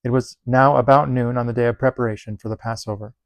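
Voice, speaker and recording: A man reading Bible passages aloud in a steady, measured delivery. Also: mid-range voice, no room sound. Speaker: Bible reader.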